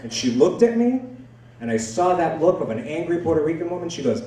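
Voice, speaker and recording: A man's voice: on the high side, fairly quick. A young man telling crude stories in a stand-up set, his voice swooping all over. He is heard from a distance in a very echoey room. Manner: lively, crude storytelling. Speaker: stand-up comedian. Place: comedy club stage.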